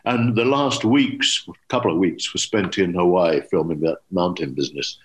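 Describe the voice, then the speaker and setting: An older man, an English actor, telling anecdotes in a relaxed interview and acting out quoted dialogue. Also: sits low, moderate pace. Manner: lively storyteller, acts out quoted dialogue. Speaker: actor guest.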